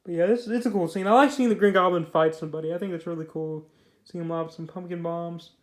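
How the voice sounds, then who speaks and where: A young man with a fairly high voice talks through a comic book review in a loose, rambling way. He restarts sentences often and uses lots of filler words. The room around him rings with echo. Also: fairly even intonation, fast talker.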